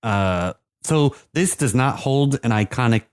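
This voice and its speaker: A man's voice: mid-range voice, expressive, a little slow, clean tone, dry recording, clean studio sound. A man co-hosting a casual beer and soccer podcast, explaining things in a rambling, hesitant way with many fillers. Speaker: podcast co-host.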